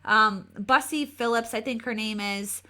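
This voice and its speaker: A woman's voice: measured pace, sharp tone. A woman hosting a live political commentary video, emphatic and given to repeating words as she talks. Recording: re-downloaded lower-quality video.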